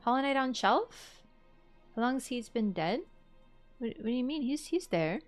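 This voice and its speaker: Lively woman streaming a game. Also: on the high side, unhurried, dry recording. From Canada. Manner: excitable, reacts aloud to gameplay and chats with viewers. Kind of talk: casual livestream chat while gaming. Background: game music.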